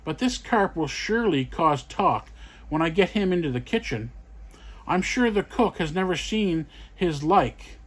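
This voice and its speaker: A man's voice: on the high side, lively intonation, unhurried, fairly bright tone. A man voicing a cheerful old male servant nearing sixty in a storybook reading. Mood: jovial.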